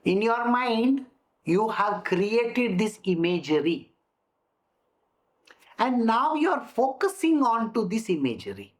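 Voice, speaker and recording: A woman explaining a scripture in a deliberate way, repeating her phrases and acting out examples. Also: on the high side, big pitch swings. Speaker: spiritual teacher.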